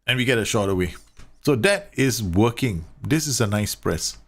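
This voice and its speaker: A man's voice: on the low side, expressive, normal speed, fairly bright tone. A man giving casual, chatty commentary on football management game tactics, talking straight to his viewers and laughing at his own slips. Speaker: gaming YouTuber reviewing tactics.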